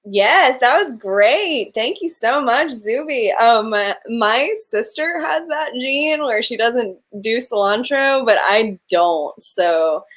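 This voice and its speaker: A woman's voice: fairly high pitch, animated, takes it slowly, few pauses, a bit bright. A woman hosting a comedy show, chatting casually after a set. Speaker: show host. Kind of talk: casual chat.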